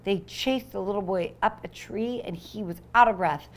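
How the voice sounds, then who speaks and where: A woman teacher reads a picture book to small children with lively expression, voicing its sound effects and pausing to define words. Her mid-range voice has vocal fry, and there's slight background noise.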